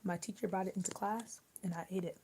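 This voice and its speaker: A woman's voice: medium pitch, steady tone, quick pace, a little mellow, a little hiss or hum. A young woman from Maryland chatting casually on a livestream, rambling with lots of fillers. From Maryland, USA. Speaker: livestream host.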